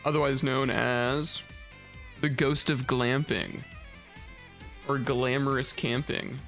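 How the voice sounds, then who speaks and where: A man's voice: mid-range voice, level tone, takes it slowly, fairly bright tone, soft background music. A young man, chatting casually as a game streamer and rambling through a story. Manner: rambling storytelling, acts out quoted voices, laughs often. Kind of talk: casual chat while gaming. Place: home streaming setup.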